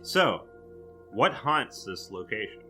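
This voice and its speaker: A man's voice: lowish voice, sing-song, takes it slowly, pushed and bright, faint music behind. A man hosting a podcast, casually walking through researched material with a co-host.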